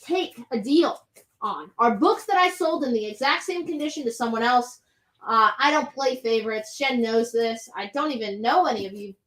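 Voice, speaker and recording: A woman hosts a live comic sales stream from a comic shop. Her voice sits high and sounds bright and forward. She runs through items and prices briskly and chats easily between them. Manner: brisk, chatty item rundown.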